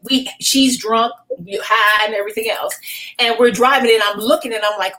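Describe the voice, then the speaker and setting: Middle-aged woman pastor on a podcast, telling her testimony, animated and emotional, restarts a lot. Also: a little high, moderate pace, poor audio. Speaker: pastor and guest. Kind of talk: personal testimony in a podcast interview.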